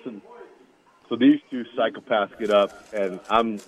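A man's voice: on the low side, fast talker. A former college football lineman telling rambling stories over the phone, laughing as he goes. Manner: rambling, laughs through anecdotes. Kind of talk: casual storytelling. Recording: tinny phone line.

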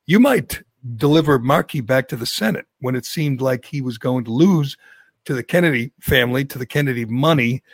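A middle-aged man, co-hosting political talk radio in a blunt, opinionated, halting way. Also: mid-range voice, lively intonation, slightly rough, no room sound. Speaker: radio co-host.

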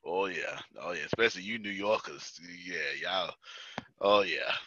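An American man leads a team meeting in a loose, joking style, laughing often as he tells stories about work. His voice is very bright and sharp yet sits low, at a normal speed. The recording is dry, a little muffled, and has no echo.

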